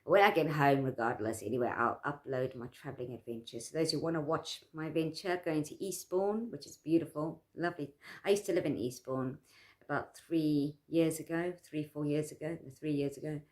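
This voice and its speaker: A woman with a notably low voice chats straight to her camera. She rambles earnestly, circles back over the same points and lets emotion into her words. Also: fairly quick, a little mellow. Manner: earnest and rambling, repeats herself, gets emotional. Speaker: vlogger. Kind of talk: casual talk to camera.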